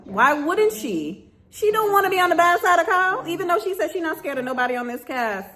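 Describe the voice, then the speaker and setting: A woman's voice: a little high, big pitch swings, moderate pace, hardly any pauses, bright, forceful tone. A woman giving sassy, casual reaction commentary on a reality show, talking straight to the cast members.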